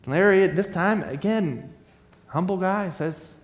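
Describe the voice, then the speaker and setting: Man, pastor, sermon, casual storytelling, fillers and restarts, higher-pitched, roomy echo. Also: unhurried. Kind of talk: sermon retelling a Bible story. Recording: echoey room.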